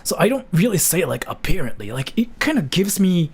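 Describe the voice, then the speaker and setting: A man's voice: sits high, brisk, breathy edge. A man from Japan chatting casually with his stream chat, rambling with lots of fillers. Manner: loose and rambling, many fillers, lively ups and downs. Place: VR chat room.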